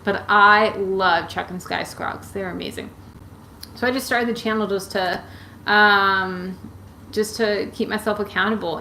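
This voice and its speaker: A woman's voice: medium pitch, fairly bright tone, slight background noise, low-quality recording. A woman chatting casually on a live stream, rambling with many fillers and restarts as she answers viewers' comments. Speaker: YouTuber answering viewer questions.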